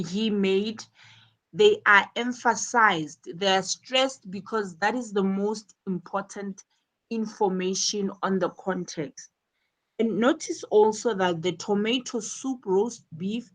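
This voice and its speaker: A woman teaching an English lesson, explaining step by step and repeating words as she goes. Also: medium pitch. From South Africa.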